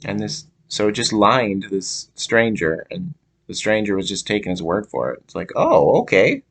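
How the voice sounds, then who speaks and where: A young man from Minnesota telling a casual story to camera, halting with many fillers and restarts. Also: on the low side, vocal fry, a bit bright. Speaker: vlogger.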